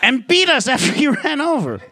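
A man's voice: high-pitched, big pitch swings, moderate pace, pushed and bright, slight background noise. A man doing a stand-up comedy routine in a casual, profane style, full of "like" fillers.

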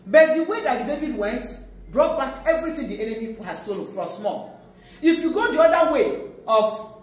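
A pastor preaching a sermon, swinging between loud exhortation and quiet asides. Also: medium pitch. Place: large echoey church hall. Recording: echoey church hall from far off.

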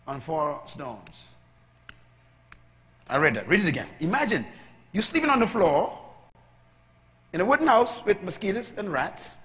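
Preacher, bright voice in a reverberant hall. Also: male voice, high voice, unhurried, pauses often. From Bahamas. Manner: builds from calm teaching to loud shouted preaching. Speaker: pastor. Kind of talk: sermon.

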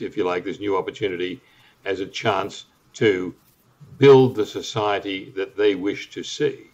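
Casting: older Australian man, low voice, thoughtful guest analyst, dull lo-fi sound. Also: a little mellow. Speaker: guest commentator. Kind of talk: interview, measured analysis. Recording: muffled lo-fi audio.

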